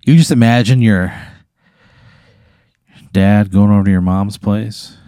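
A man casually spinning an improvised hypothetical story for his co-host, with deadpan asides. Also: on the low side, measured pace, clear, resonant tone, no echo, clean studio sound.

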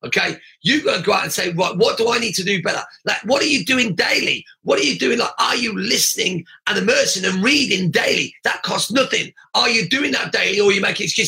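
A man's voice: high voice, brisk, vocal fry, hardly any pauses, sharp tone. A middle-aged man coaching martial arts school owners in a blunt, emphatic podcast monologue, often raising his voice and repeating himself.

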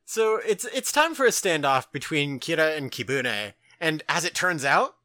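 A man's voice: a little high, very animated, normal speed, sharp tone, no room sound. A man co-hosting a podcast in casual chat, laughing and swearing often, with many restarts. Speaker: podcast co-host.

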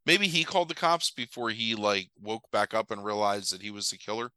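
A man's voice: on the low side, fairly quick, smooth, no echo, rough recording. Rambling, profane man recapping a film. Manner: rambling, profane, animated retelling with quoted voices. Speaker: podcast co-host recapping a movie. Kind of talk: casual chat.

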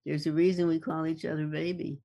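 A guest expert in a conversation, explaining things deliberately and repeating key words for emphasis. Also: mid-range voice, level tone, gravelly, mellow.

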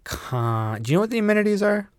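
A man's voice: high-pitched, big pitch swings, quick pace, smooth, no echo, studio quality. A man co-hosting a podcast in casual chat, animatedly retelling stories and acting out scenes in silly voices. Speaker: podcast co-host.

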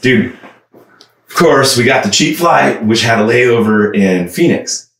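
A young man telling a wild story in casual chat, animated, swearing often, laughing and shouting out the outbursts he quotes. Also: mid-range voice, slow, vocal fry, recorded from a distance. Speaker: musician guest. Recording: echoey room, voice a bit off-mic, background noise.

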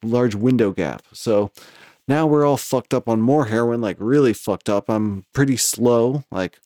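A man's voice: medium pitch, unhurried, dark tone, no echo, studio quality. A man with a West Coast American accent telling a story in casual chat, profane and rambling, laughing between lines.

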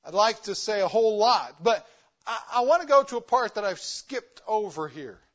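This man is a guest missionary preacher whose sermon in a church is emphatic and laced with rhetorical questions, his volume shifting for emphasis. He sits high in pitch, with lively intonation at a normal speed, and the recording is muffled.

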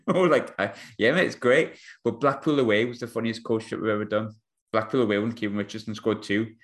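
Laughing podcast host. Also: male voice, lowish voice, fast. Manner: animated, laughing storyteller, slangy. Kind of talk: casual storytelling chat.

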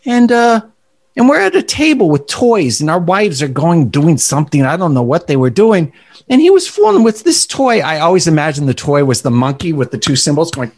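A man voicing an elderly male physiatrist in his nineties with a New York accent, telling a story slowly. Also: on the high side, big pitch swings, a little mellow. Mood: reminiscing. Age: 90s. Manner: slow, reminiscing storyteller.

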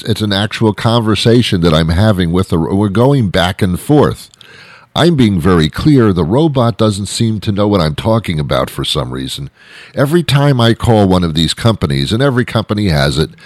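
A man's voice: on the low side, no room sound. A man delivering an exasperated, comic rant with lots of repetition and restarts. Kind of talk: ranting monologue.

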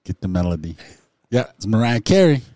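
A man's voice: lowish voice, sing-song, brisk, mellow, no echo, studio quality. A man hosting a casual song-guessing game with friends, reading lyrics aloud in a playful, theatrical way. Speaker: game host.

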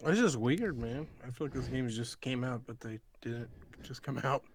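A man co-hosting a laid-back gaming podcast, at a middle pitch. He tells loose stories full of "uh" and "like." He keeps an easy, chatty manner throughout. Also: moderate pace, slight background noise. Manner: relaxed storyteller, heavy with fillers. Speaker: podcast co-host. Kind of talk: casual chat.

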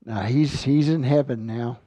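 Man, sermon with scripture reading, earnest, repeats words, slow delivery, mellow tone. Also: mid-range voice, husky, no room sound. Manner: earnest, repeats words while finding his thought. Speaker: Bible teacher.

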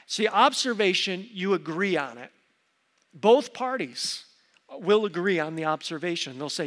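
A middle-aged male pastor preaches in an earnest, emphatic way, often repeating a word as he presses his point. His voice sits a bit high for a man. The sound rings out with the long reverb of a church sanctuary. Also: animated, a little slow, fairly bright tone. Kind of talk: sermon.

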